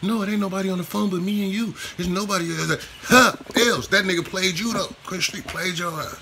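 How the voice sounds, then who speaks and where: Guy ranting on his vlog, gravelly and forceful, cussing and repeating himself, faint noise behind. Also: high-pitched, fairly quick, few pauses. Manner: profane, repetitive, slangy street talk. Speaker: vlogger. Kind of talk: casual commentary rant.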